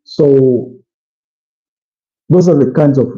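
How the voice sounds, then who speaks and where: Slow-paced and dark in tone at a medium pitch, a sleepy man from Uganda yawns through hosting a football watch-along. His casual live commentary and opinions ramble, full of "you know" fillers, on muffled lo-fi stream audio.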